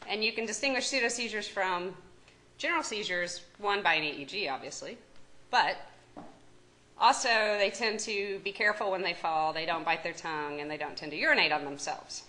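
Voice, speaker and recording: A woman's voice: medium pitch, a little fast, bright, forceful tone, poor audio. A woman with a Kentucky accent giving a medical lecture as a psychiatry professor, talking conversationally, joking and asking the audience questions. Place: lecture room.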